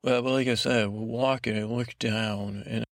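A man hosting a podcast, telling a meandering improvised bedtime story in a halting, self-interrupting way. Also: medium pitch, steady tone, dry recording, studio quality. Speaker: podcast host.

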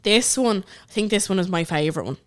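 Dublin woman co-host, young, blunt and sweary, smooth clear voice. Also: expressive, fast. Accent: Dublin Irish. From Ireland. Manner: blunt and sweary, mimics others in high voices. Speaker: podcast co-host. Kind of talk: casual chat.

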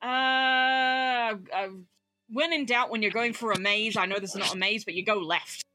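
A woman's voice: fairly high pitch, steady tone, normal speed, bright, forceful tone, dry recording, soft background music. A tired woman playing a tabletop role-playing game, who swears freely and laughs often. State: tired from lack of sleep. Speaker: player. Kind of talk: casual tabletop game play.

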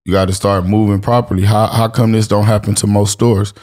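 A man's voice: lowish voice, flat delivery, brisk, darkish tone. A man from Los Angeles, a streetwear brand owner, talking casually as a podcast guest, telling stories with slang and acted-out quotes. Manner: laid-back storytelling with acted-out quotes and slang. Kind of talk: casual interview talk.

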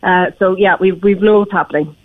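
A woman's voice: medium pitch, fairly even intonation, moderate pace, no echo. A woman festival director speaking by phone in a casual interview, eager and full of fillers and restarts. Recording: tinny phone line.

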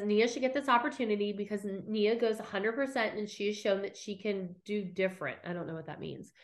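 Animated woman recapping a show. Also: mid-range voice. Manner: animated storytelling, quoting others, swears. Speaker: podcast co-host. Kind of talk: casual recap chat.

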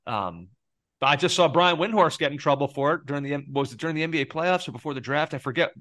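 A man's voice: fairly high pitch, expressive, quick pace, fairly bright tone, dry recording, clean studio sound. A man co-hosting a sports podcast, talking casually in an earnest, hesitant, self-deprecating way. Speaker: podcast co-host.

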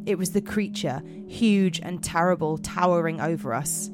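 A woman's voice: fairly low pitch, normal speed, over music. A woman podcast host reading horror stories aloud in a put-on American accent, dramatic and giggly with slips.

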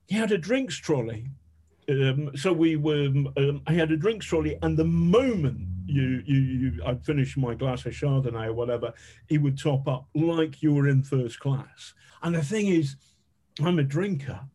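Man, interview guest, warm low-key storyteller, meandering delivery. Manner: rambling anecdotes with frequent restarts and swearing. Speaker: guest, investigative journalist.

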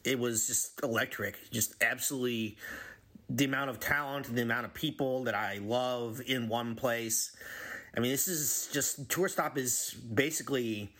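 A man in his forties giving an earnest, halting recorded message about a favorite memory as a longtime member of a music community. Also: medium pitch, fairly bright tone. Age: 40s.

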